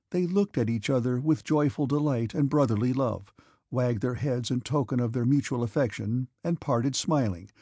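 A man reading a classic novel aloud at a steady, measured pace. His voice has a gravelly fry and a husky grain, recorded close and dry. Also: medium pitch, no echo. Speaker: audiobook narrator. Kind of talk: scripted narration.

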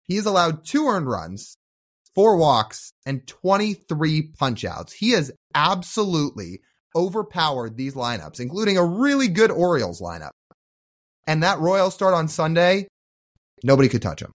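Lively, sarcastic male podcast co-host. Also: on the high side, normal speed. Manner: animated, sarcastic, jokey. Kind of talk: casual sports chat.

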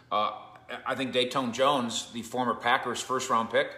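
Man, sports reporter, casual commentary, sharp bright tone, roomy echo. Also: medium pitch, fairly even intonation, moderate pace. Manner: conversational and joking, with frequent asides.

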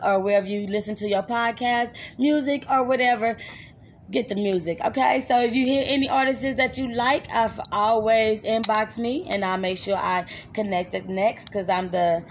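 A woman's voice: fairly high pitch, a little hiss or hum. A woman hosting a live music podcast in loose, chatty talk, laughing easily. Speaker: radio podcast host. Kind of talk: casual live show chat.

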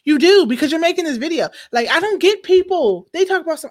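Brief: woman host, casual slangy commentary, a bit high, lively and opinionated. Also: quick pace, hardly any pauses. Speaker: show host.

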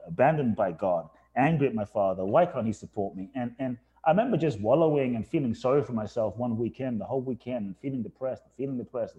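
Earnest man with a mellow voice. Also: mid-range voice. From England. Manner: earnest, emphatic, repeats phrases for effect. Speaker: podcast guest. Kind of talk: reflective storytelling interview.

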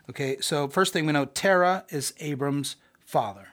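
A man's voice: fairly high pitch, moderate pace, hardly any pauses, a bit bright. A man teaching a podcast Bible lesson in a conversational way, often asking rhetorical questions.

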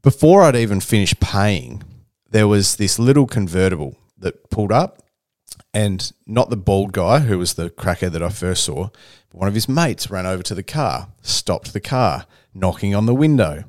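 A man's voice: lowish voice, moderate pace, no echo, clean studio sound. A young Australian man telling a story in casual chat and acting out the voices of the people in it. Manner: animated storyteller who acts out other people's voices. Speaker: podcast co-host.

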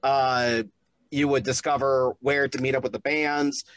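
A man being interviewed as a podcast guest, speaking hesitantly with many pauses and restarts. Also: medium pitch, flat delivery, fairly bright tone, no echo, low-quality recording.

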